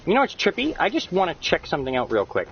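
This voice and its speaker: Excitable swearing man streaming a game. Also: high-pitched, fast talker, lo-fi sound, slight background noise. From Canada. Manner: excitable, swearing, jumps into loud yelps. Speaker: gamer streaming co-op play. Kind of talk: casual gaming commentary.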